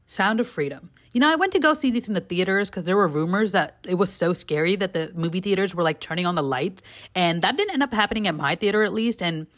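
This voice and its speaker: A woman's voice: lowish voice, lively intonation, fast talker, soft background music. Chatty young woman rattling off reviews. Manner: chatty and candid, with frequent "like" and "you know"; bursts of giggling between opinions. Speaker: vlogger reviewing movies. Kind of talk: casual rapid-fire movie review chat.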